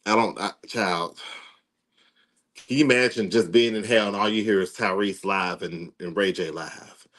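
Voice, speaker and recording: A man co-hosting a casual comedic chat, animated and exasperated. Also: lowish voice, moderate pace.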